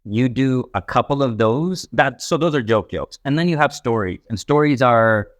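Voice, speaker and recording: A man's voice: mid-range voice, normal speed, dry recording. Rambling young man, dry close sound. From Pakistani family, raised in Texas, later Canada. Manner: rambling and animated, many fillers, laughs while telling. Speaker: stand-up comedian guest. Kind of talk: casual interview talk.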